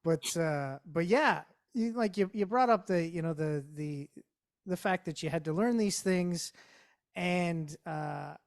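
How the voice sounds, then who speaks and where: A man's voice: a little high, measured pace. A man hosting an interview, chatting in an easygoing way with many fillers and restarts. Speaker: interview host. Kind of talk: casual interview chat.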